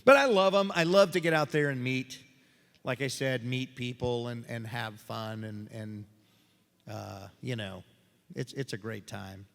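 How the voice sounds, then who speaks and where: A voice actor at a convention panel spins jokey stories and fields audience questions, voicing the characters he quotes with animation. His gravelly voice is medium in pitch and a little slow, and the hall is reverberant.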